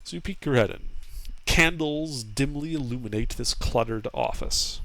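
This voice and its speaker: A man narrating as game master, describing scenes in a measured way. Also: medium pitch, sharp tone, low-quality recording.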